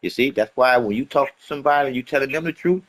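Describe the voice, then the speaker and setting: A man's voice: mid-range voice, fast. A man delivering a rambling, emphatic motivational monologue in casual street slang, repeating his points and swearing often. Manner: emphatic, profane, repetitive preaching.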